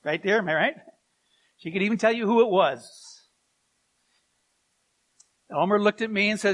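A man's voice: high voice, moderate pace, long pauses, fairly bright tone. A middle-aged man, a pastor, preaching a sermon and telling stories with chuckles and asides.

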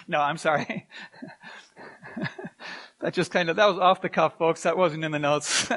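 High-voiced man preaching a sermon. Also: a little slow, fairly bright tone. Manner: storytelling with asides and chuckles. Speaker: pastor.

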